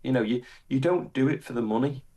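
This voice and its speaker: A British man, a farmer, talking as an interview guest, exasperated and halting with frequent restarts. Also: medium pitch, mellow. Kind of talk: casual interview conversation.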